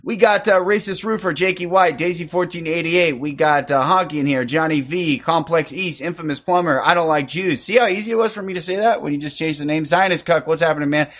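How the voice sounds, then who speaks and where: Man streaming with brisk shout-outs. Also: on the high side, muffled recording. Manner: rapid shout-outs, profane, loose. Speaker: livestream host. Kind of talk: casual livestream chat.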